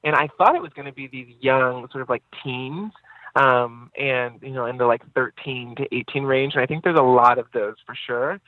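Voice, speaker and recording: A man's voice: medium pitch, normal speed, dry recording. A man, an actor guest in a casual interview, chatting loosely with lots of fillers and easy laughs. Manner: relaxed, rambling, frequent fillers and laughs. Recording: dry, phone-like line.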